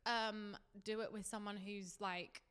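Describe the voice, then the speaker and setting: A woman's voice: medium pitch, fairly even intonation, a little slow, fairly bright tone, smooth. A young adult woman, co-hosting a podcast in a candid, sweary, chatty way. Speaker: podcast co-host. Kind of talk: casual chat.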